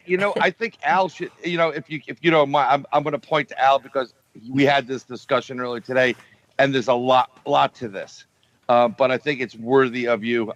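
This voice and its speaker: A man on a podcast roundtable speaking haltingly as he hands the floor to another guest. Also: mid-range voice, fairly bright tone, dry recording. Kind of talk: casual roundtable chat. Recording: dull lo-fi mic.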